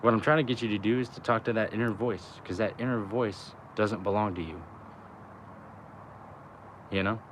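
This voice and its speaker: A man's voice: lowish voice, fairly even intonation, moderate pace, long pauses, a bit bright, slight background noise. A young adult man rambling about spirituality outdoors, in loose slang full of "like" and "you know" and frequent swearing. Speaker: vlogger. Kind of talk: rambling spiritual musing to camera.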